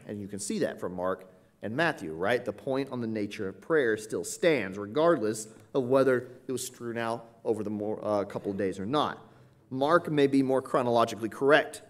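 A man preaching an expository Bible lesson in a conversational way, often pausing with "uh" and checking in with "right?". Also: medium pitch. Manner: conversational, frequent "uh" and "right?" tag questions. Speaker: pastor.

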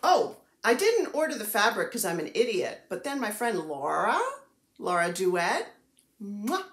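A woman chats through a casual craft vlog, gushing and poking fun at herself. She talks slowly with a lively, bouncing pitch. The room around her rings with echo. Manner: chatty, self-deprecating, gushing over crafts. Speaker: cross-stitch vlogger. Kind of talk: casual chatty show-and-tell.

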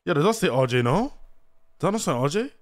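A young man reacting on a live stream. He repeats slang, gets excited, then trails off into mumbles. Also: on the high side, fast, no echo, studio quality.

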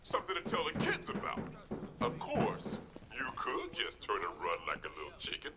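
A cocky, boastful video game villain who taunts his foe, his pitch swinging widely and sometimes sinking to a whisper. Clear background noise sits under his voice. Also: very animated, moderate pace. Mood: taunting.

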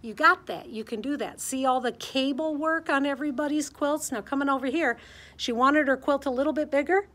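A woman's voice: sits high, brisk, a bit bright. Chatty Midwestern quilting teacher woman. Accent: Midwestern American. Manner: chatty, enthusiastic, talks to viewers while filming. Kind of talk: casual show-and-tell walkthrough. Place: sewing center classroom.

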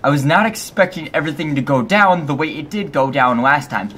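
A man's voice: a little high, animated, a little fast, a bit bright, slight background noise. Jumpy young man swearing through a horror game. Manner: jumpy, swears a lot, nervous laughter. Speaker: let's play host. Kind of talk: casual gaming commentary.

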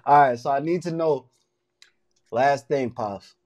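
A man's voice: mid-range voice, measured pace, a little mellow, dull audio. Laid-back young man bantering about basketball. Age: young adult. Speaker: co-host. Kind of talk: casual sports talk.

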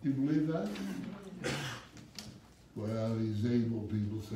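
A male pastor preaching an animated sermon, reading scripture in old-fashioned wording and prompting the congregation to finish the verses, with wry asides. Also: on the low side, slow pace, slight background noise. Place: church sanctuary with congregation. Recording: echoey room, speaker far from the mic.

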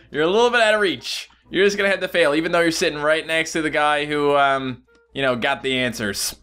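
A man giving casual gameplay commentary, excitable and jumping to high yelps when things go wrong. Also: normal speed, smooth. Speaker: gaming YouTuber.

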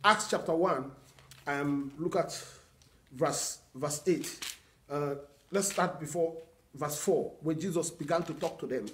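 A man's voice: a little high, unhurried, a little hiss or hum. A pastor delivers a sermon in a somewhat raised voice, leaning on earnest repetition. He teaches his congregation step by step, quoting prayers and scripture as he goes. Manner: earnest teaching with repeated phrases and quoted prayers.

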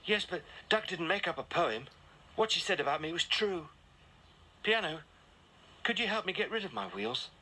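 A high earnest cartoon dog. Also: male voice, very animated, normal speed, pauses often, pushed and bright, husky, exaggerated voice. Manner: earnest, eager to help. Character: kind young male dog on wheels. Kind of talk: children's TV voice acting.

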